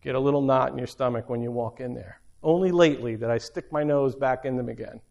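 A man's voice: mid-range voice, fast talker, gravelly, a little mellow, dull audio. A middle-aged man preaching an informal sermon, talking conversationally and repeating phrases for emphasis.

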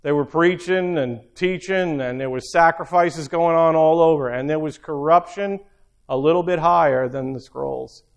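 Middle-aged male preacher, fairly high voice, casual sermon delivery, repeats key lines. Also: moderate pace. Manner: conversational, repeats phrases for emphasis. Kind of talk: informal sermon.

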